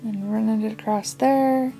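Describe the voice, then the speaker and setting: A woman talks through a craft project in a loose, chatty way, drifting into asides and small laughs. Her voice has a gravelly fry to it, and faint guitar music plays softly behind her. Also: fairly high pitch, fairly even intonation, normal speed. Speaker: craft tutorial host. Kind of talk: casual craft tutorial.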